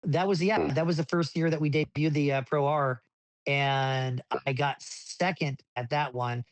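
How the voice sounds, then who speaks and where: A man telling racing stories in a casual interview, rambling with many restarts and getting animated as he recounts events. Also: on the high side, measured pace, dry recording. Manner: rambling with frequent restarts, animated when retelling. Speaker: desert racing driver, podcast guest.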